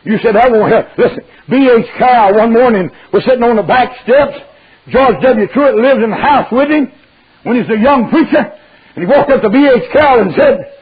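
An older man preaching a fiery sermon, drawling through stories and breaking into shouts. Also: very high-pitched, lively intonation, normal speed, breathy edge. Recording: dull lo-fi recording.

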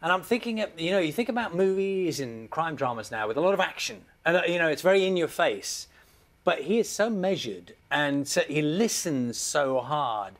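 A man's voice: a little high, animated, normal speed. A man presenting a TV interview who chats casually and stumbles now and then. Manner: chatty, stumbling over names. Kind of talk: TV interview chat.

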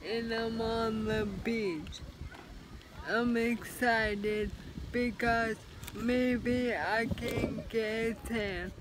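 A woman talks into her camera at home in a casual vlog. She says practice words slowly and carefully, one at a time, in a slightly high voice. Faint noise sits under the recording. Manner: slow, careful word-by-word practice; chatty, talks to her cat. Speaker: vlogger. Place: home, with a cat nearby.

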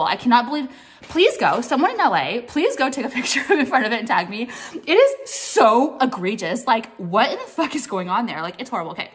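A woman's voice: a little high, fairly bright tone. A young adult woman vlogging in a casual, blunt rant, opinionated and full of swearing and "like". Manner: blunt, profane, opinionated, heavy use of "like".

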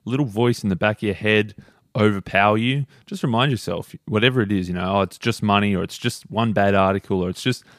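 A man's voice: fairly low pitch, quick pace, dry recording, studio quality. A man co-hosting a podcast, retelling anecdotes in an easygoing, casual way. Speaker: podcast co-host. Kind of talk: casual book discussion.

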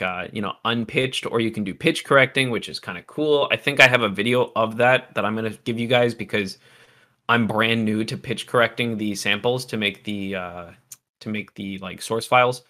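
A man teaching music production in a casual livestream, loose and chatty with asides to the chat, a little hoarse as he is losing his voice. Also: lowish voice, sharp tone.

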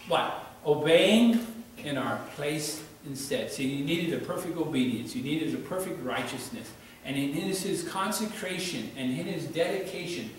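Fervent preacher man in a roomy church. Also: on the high side. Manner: fervent, swings between loud exhortation and quiet pleading. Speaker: pastor. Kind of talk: sermon. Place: church sanctuary. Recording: roomy church sound from a distance, faint hiss.

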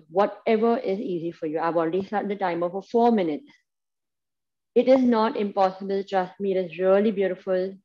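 A woman's voice: medium pitch, highs cut off. Indian-accented woman guiding a yoga class. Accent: Indian English. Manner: encouraging, gives step-by-step cues. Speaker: yoga instructor. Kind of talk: guided yoga class instruction.

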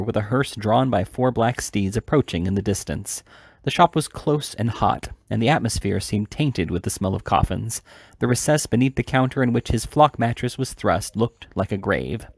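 A man reading a classic novel aloud in a measured, deliberate way, with occasional restarts. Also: medium pitch, a little mellow, no room sound, studio quality. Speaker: audiobook reader.

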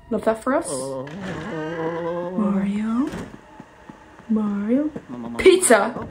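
A woman's voice: fairly high pitch, a little mellow, rough recording. A young woman giving casual, jokey commentary while playing a video game, chatting to herself and her pet. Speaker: gaming youtuber. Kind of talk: casual let's play commentary. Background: game music.

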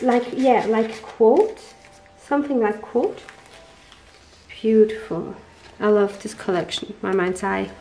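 Slow-talking woman, gushing and teary. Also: on the high side, dark tone, slight background noise, rough recording. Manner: gushing, searching for English words. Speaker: papercraft vlogger. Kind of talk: casual unboxing chat. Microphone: tablet microphone.

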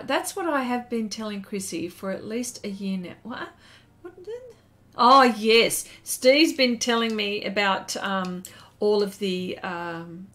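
A woman's voice: medium pitch, a bit bright. An Australian woman hosting an art live stream, chatting casually and reading viewer comments aloud as she draws.

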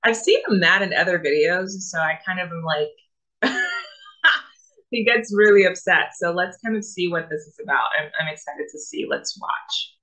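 Bright-voiced woman reacting thoughtfully. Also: lowish voice, normal speed, rough recording. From Africa. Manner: thoughtful, hesitant, with frequent restarts. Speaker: reaction video host. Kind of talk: casual commentary.

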